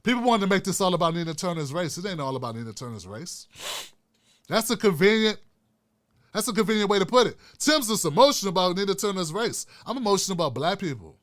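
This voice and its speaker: Talking fast in a high-pitched, very animated and slightly bright voice, a man delivers passionate political commentary on his own show. He addresses viewers directly and casually, repeating and restarting phrases to stress his points.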